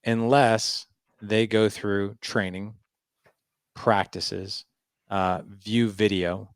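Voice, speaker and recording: A man in his forties, a podcast guest, telling a personal story in an animated way and acting out what others said. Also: lowish voice, extremely slow, clean tone, no echo, clean studio sound. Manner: animated storyteller, lots of "I was like" quotes. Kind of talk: storytelling interview.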